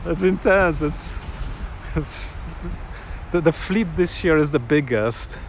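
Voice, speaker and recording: Slow-talking man chatting outdoors. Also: fairly high pitch, expressive, vocal fry, slight background noise. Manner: rambling and enthusiastic, with restarts and chuckles. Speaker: vlogger. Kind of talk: casual chat to camera. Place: outdoors on a sunny afternoon.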